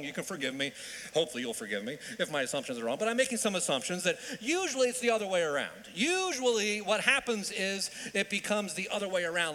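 A male minister preaching a sermon in an animated way, with joking asides and repeated phrases for emphasis. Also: high voice. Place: church sanctuary. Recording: long church reverb.

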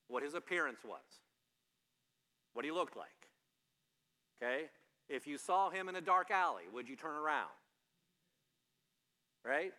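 A male pastor delivers a sermon in a bright, fairly high voice. He talks in a loose, conversational way, full of jokes, repeated words and restarts. The long reverb of a church hall trails behind him.

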